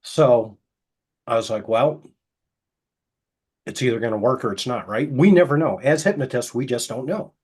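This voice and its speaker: A middle-aged man who works as a hypnotist, telling anecdotes casually and acting out the quoted dialogue, with a soft, slow voice for the hypnotic suggestions. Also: mid-range voice, breathy edge. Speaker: hypnotist guest. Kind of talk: casual storytelling interview.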